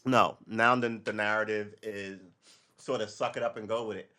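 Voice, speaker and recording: A man's voice: fairly low pitch, steady tone, normal speed, pushed and bright. A man from Brooklyn, hosting a casual political livestream. He talks in a loose, rambling, profane way. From Brooklyn, New York. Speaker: livestream host.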